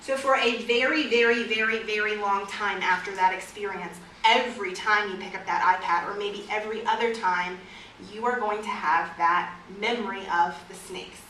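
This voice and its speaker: A woman teaching a class on fearful dogs as a trainer, in a lively way, with vivid examples and questions to her audience. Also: medium pitch, moderate pace, slight background noise. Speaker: dog trainer. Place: store or training room with an audience. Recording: echoey room, recorded from a distance.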